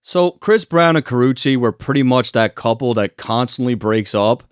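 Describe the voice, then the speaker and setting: A man's voice: medium pitch, expressive, normal speed, clean tone, no echo, clean studio sound. A man narrating a commentary video in a casual, conversational way, swearing now and then. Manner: conversational, swearing, reads quotes aloud. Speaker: commentary channel host.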